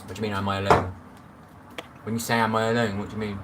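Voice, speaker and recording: A man's voice: fairly low pitch, level tone, very fast. A middle-aged man chatting casually on a live stream, rambling and greeting viewers by name. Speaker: livestream host. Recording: distant phone mic with noise.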